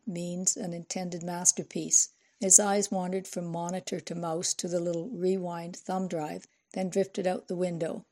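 A woman narrating an audiobook in a measured, even way. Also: lowish voice.

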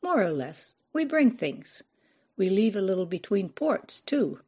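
Woman voicing a teasing Greek sailor man, Greek accent, husky, audiobook. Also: mid-range voice, sing-song, measured pace, fairly bright tone, heavily acted. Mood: playful.

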